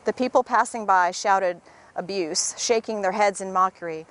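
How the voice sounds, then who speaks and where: A woman reading a devotional passage from the Bible aloud outdoors in front of a city hall, in a measured, expressive way. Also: medium pitch. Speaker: scripture reader.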